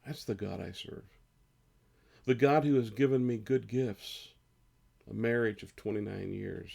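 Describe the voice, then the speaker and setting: A man in his fifties, a pastor, speaking earnestly and slowly in a devotional sermon and reading scripture aloud. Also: lowish voice, a little mellow. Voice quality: gravelly, husky. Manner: slow, earnest, rises on emotional lines.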